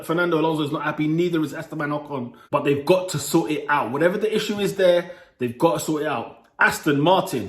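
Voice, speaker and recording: A young man giving a lively, exclaiming solo review and playfully scolding as he goes. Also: on the high side. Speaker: motorsport commentator vlogger. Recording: echoey room.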